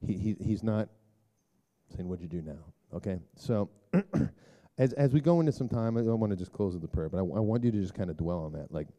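A middle-aged man giving a rambling, conversational sermon talk to a church group, full of filler words and throat clearing. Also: brisk. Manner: turns hushed and low for prayer. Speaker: speaker addressing a church group.

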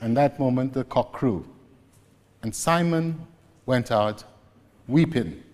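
A man preaching a sermon, slowly and deliberately retelling scripture scenes. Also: mid-range voice, darkish tone. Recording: long reverb, echoey hall.

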